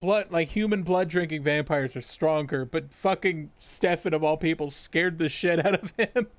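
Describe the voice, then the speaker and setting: A man's voice: on the high side, normal speed, no room sound. A man co-hosting a podcast, recapping a TV episode in casual chat, swearing constantly and laughing a lot. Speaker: podcast co-host.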